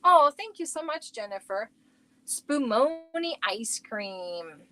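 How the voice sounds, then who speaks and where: Slow-talking woman, livestream chat. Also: fairly high pitch, big pitch swings, bright, forceful tone, poor audio. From Germany. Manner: chatty, reacts to viewer comments while showing yarn. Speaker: crochet livestream host. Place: at home.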